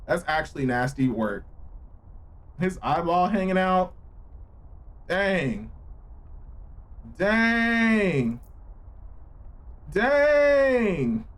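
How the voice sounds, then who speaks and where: A man streaming a game live, reacting with loud, profane exclamations and joking with his chat in slang. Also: fairly high pitch, lively intonation, takes it slowly, pauses often. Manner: slangy, playful banter with chat. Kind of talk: live gameplay reaction commentary.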